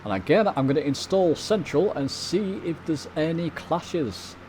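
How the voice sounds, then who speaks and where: A man's voice: fairly high pitch, lively intonation, a little slow, noisy background. A man from the UK casually commenting on his flight simulator as he flies, chatting to viewers as he goes. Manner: chatty, talks to viewers while flying. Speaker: flight sim video host. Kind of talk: casual commentary over gameplay.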